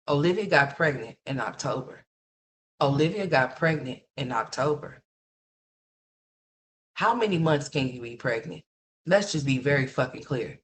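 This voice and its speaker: Blunt, cursing woman livestream host. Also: deep voice. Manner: blunt, mocking, swears constantly, rhetorical questions. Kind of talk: profane gossip commentary rant.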